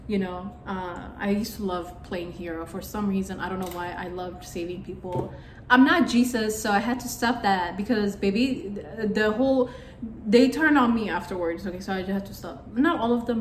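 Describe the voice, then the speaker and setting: A young woman telling a personal story in a candid, rambling way, with plenty of fillers. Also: mid-range voice. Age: young adult. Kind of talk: casual storytime monologue. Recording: echoey room with faint background noise.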